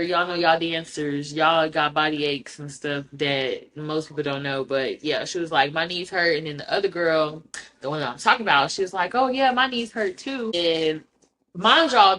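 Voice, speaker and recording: A woman hosting a podcast in casual chat, blunt, profane and outspoken, telling stories with animation. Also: fairly low pitch. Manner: animated storyteller. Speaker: podcast host.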